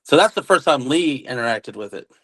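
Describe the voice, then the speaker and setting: A man of ordinary pitch telling a story in a loose, conversational way. He slips into the voices of the people he is quoting and drops casual military slang as he goes. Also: brisk, rough recording. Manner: acts out quoted dialogue, relaxed military slang. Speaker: witness recounting an encounter.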